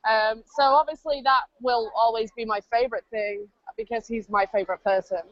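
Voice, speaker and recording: A woman's voice: a little high, fairly even intonation, fairly quick. A British woman co-hosting a podcast, telling stories in a chatty, laughing way. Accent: British English. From Britain. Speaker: podcast co-host. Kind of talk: casual chat. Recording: dull, dry lo-fi line.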